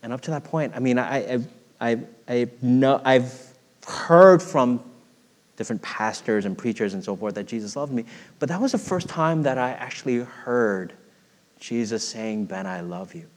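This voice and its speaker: A middle-aged male pastor delivers a heartfelt sermon, telling personal stories in an earnest voice. He swells louder when stirred and drops to a hush when he reflects. His voice rings out with a long reverb, as if filling a large sanctuary. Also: medium pitch, normal speed. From United States.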